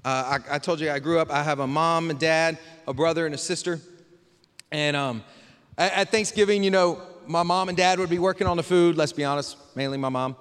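A male pastor delivers a sermon in a relaxed, conversational preaching style, frequently putting rhetorical questions to the congregation. His voice is a little high, brisk, and fairly bright, with a clean tone. The hall reverb of a live service fills the church sanctuary.

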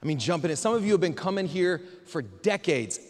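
A man's voice: on the high side, big pitch swings, fairly quick. A male pastor giving a sermon in a casual, conversational preaching style, often asking the congregation rhetorical questions. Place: church sanctuary. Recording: hall reverb from a live church service.

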